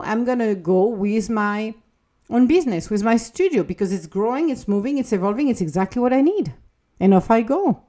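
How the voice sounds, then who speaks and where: Woman motivational speaker, mellow earnest delivery, non-native English, encouraging and direct. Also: fairly high pitch, expressive, brisk. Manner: earnest, encouraging, acts out little quoted dialogues. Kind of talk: motivational monologue.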